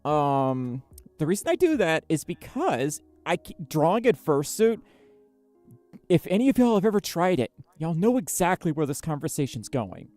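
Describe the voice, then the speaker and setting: A woman's voice: deep voice, big pitch swings, normal speed, mellow, dry recording, faint music behind. A woman chatting casually on a livestream, bubbly and giggly, reading chat messages aloud with lots of fillers. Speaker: streamer.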